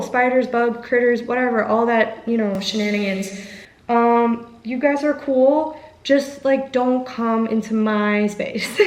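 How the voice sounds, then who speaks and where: A woman's voice: medium pitch, reverberant, low-quality recording. A woman in her twenties talking candidly to camera in a casual vlog, full of "like" and "you know". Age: 20s. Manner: chatty, frequent "like" and "you know", candid and emotional. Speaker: vlogger.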